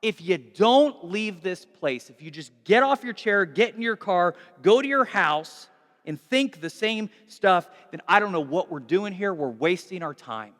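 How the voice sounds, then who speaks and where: A man preaching in a large church, his high, bright voice ringing with a long reverb. He is highly animated, swinging his pitch widely and acting out little dialogues, dropping to a hush one moment and shouting the next. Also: measured pace. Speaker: pastor. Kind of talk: sermon.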